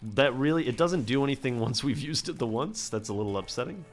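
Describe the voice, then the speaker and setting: A man's voice: medium pitch, expressive, brisk, faint music behind. Rambling, self-deprecating gaming man. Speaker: gameplay commentator. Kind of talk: casual game commentary.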